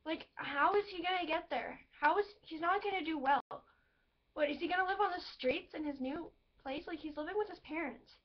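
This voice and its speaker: Teen girl rambling on her vlog, high voice, kinda muffled lo-fi webcam sound. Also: fairly quick. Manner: emotional, rambling storytelling with many fillers. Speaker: vlogger. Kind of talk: personal vlog talking to camera. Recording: dull lo-fi webcam audio.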